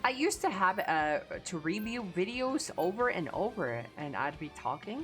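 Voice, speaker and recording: Woman streamer, Chicano English accent, lowish voice, lively pitch, blunt profane chat. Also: moderate pace, faint music behind.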